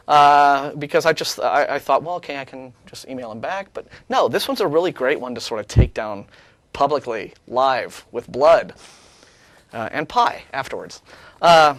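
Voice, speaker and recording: A sarcastic man co-hosting a talk show, talking over an email with a voice that swings up and down a lot. His voice sits a little high and sounds close and dry, with no room behind it. He keeps stopping and restarting his sentences. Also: no echo. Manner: sarcastic, animated, restarts often. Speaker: co-host. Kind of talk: casual chat, reading and rebutting an email.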